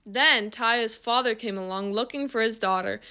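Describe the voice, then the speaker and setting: A woman reading a children's story aloud in a slow, expressive storytelling manner. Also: on the high side, clean tone. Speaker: reader.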